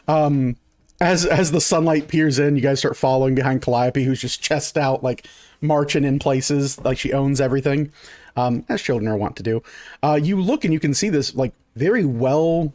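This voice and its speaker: A man's voice: medium pitch, moderate pace, darkish tone. A man narrating as game master in a tabletop game, rambling with many fillers.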